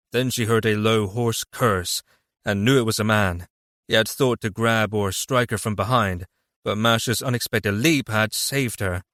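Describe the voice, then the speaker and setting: Man narrating an audiobook, steady and even. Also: on the low side, no echo, clean studio sound. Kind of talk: scripted narration.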